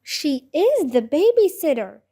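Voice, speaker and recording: A calm, practical young schoolgirl, as a woman voices her in a storybook read-aloud. She speaks matter-of-factly in a high, unhurried voice. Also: exaggerated voice.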